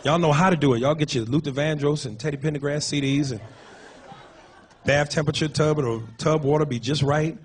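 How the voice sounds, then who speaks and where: Brash high-voiced male stand-up comic. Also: fairly quick, some chatter behind. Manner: brash and profane, shouting impressions mid-story. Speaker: stand-up comedian. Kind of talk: stand-up comedy set. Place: comedy club stage.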